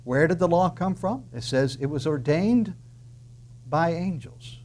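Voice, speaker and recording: A man preaching a sermon emphatically, asking rhetorical questions and dropping into soft asides. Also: a little high, lively intonation, a little slow, a little hiss or hum. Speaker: pastor.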